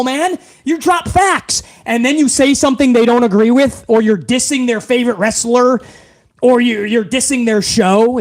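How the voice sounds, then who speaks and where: Man hosting a wrestling livestream, high voice, hyped, profane, rambling. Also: a little mellow. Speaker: host.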